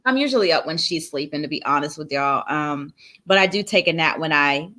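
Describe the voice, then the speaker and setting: A woman's voice: sits low, lively intonation, brisk, bright, forceful tone. A woman hosting a casual chat, reflective and easygoing as she talks about herself. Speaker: host.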